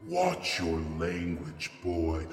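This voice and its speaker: A man's voice: low-pitched, very animated, drawn-out words, reverberant, long reverb tail, faint music behind, heavily acted. An actor playing a mocking, boastful male trickster spirit who laughs at his own jokes. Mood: threatening.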